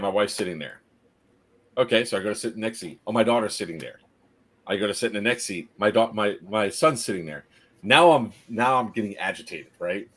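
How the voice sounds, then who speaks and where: A man telling a story casually on a live stream, animated, laughing often and acting out the people in it. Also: on the low side, breathy edge.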